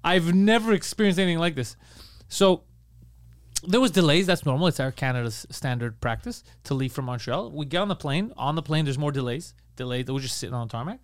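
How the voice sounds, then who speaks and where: A man on a podcast tells a story in a rapid, profane rant. His voice sits fairly high, and the sound is close and dry. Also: no echo. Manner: fast, profane, ranting. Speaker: podcast co-host. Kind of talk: casual comedic storytelling.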